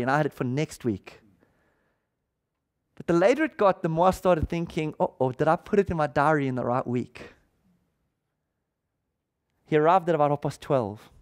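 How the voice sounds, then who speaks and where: A man's voice: on the high side, fairly quick. Man preaching, telling a personal story. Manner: animated storytelling, acting out quoted dialogue. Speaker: pastor. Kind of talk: sermon storytelling.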